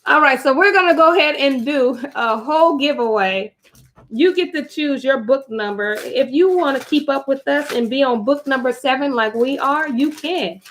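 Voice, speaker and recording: A woman's voice: high voice, normal speed, fairly bright tone. A woman hosting a casual live stream, reading a book aloud to her viewers, chatty and prone to digressions and asides.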